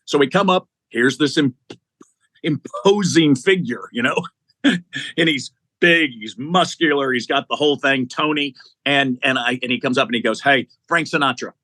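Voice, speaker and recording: Bright, animated storytelling man. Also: medium pitch, moderate pace, dry recording. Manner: animated storyteller, acting out quotes. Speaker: guest, executive search CEO. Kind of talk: storytelling in an interview.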